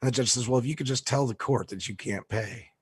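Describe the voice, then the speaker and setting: Recounting a court story in a casual, lively way, a man acts out the people he quotes as he goes. He talks fast in a husky, medium-pitched voice with no echo.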